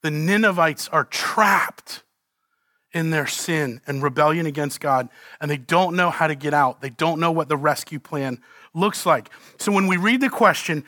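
A man preaching a sermon with fervor, moving between quiet, earnest points and loud, pleading cries, and ending in prayer. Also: on the high side, moderate pace, no room sound, clean studio sound. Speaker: pastor. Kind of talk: closing prayer.

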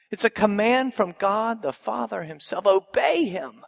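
A pastor delivers a sermon in a fairly high, gravelly voice. He builds his points through repetition and rhetorical questions and presses them home with emphasis. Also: lively intonation, unhurried, hardly any pauses.

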